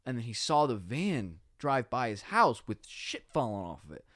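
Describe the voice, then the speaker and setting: Man, podcast guest, slangy laid-back storytelling, mid-pitched voice, dry studio sound. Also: very animated, moderate pace, a bit bright, no room sound. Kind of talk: casual storytelling chat.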